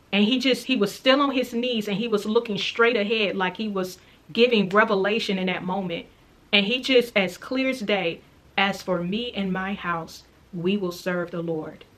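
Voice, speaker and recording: In a medium-pitched, slightly bright voice, a woman who vlogs about faith slowly describes a dream she had. She is earnest and thoughtful, circling back to repeat the key moments.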